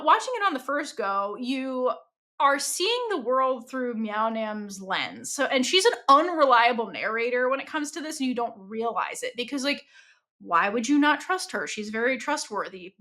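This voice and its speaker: A young woman co-hosting a podcast in casual chat, animated and full of fillers, acting out quoted lines as she talks. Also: high voice. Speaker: podcast co-host.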